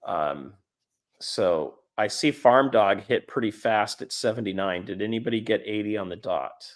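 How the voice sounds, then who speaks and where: A man's voice: on the low side, normal speed. Laid-back man hosting a coin livestream. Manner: rambling, with many fillers and restarts. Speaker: livestream host. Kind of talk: casual livestream chat.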